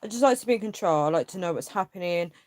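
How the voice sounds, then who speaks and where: A woman's voice: fairly low pitch, expressive, very fast, a little mellow, no echo, studio quality. A young woman hosting a casual livestream. She reads viewers' comments aloud and vents her frustration in a rambling way, with lots of fillers. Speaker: livestream host.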